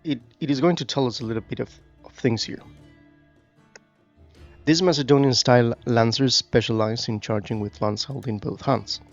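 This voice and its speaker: A man's voice: mid-range voice, moderate pace, lo-fi sound, soft background music. A man giving casual commentary on a strategy game, reading tutorial text aloud and musing with fillers. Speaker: gaming YouTuber.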